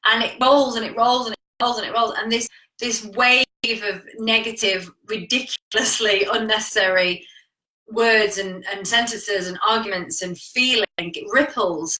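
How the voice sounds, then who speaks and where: Chatty woman giving relationship advice, frank, swears a bit, bright voice, roomy echo. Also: a little high, steady tone, unhurried. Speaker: coach. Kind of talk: live-streamed talk reading viewer comments.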